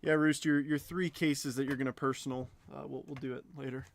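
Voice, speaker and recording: A man's voice: medium pitch, little pitch movement, a little fast, vocal fry. A man hosting a live card break stream, chatting as he calls out cards and bids. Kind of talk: live stream auction chat.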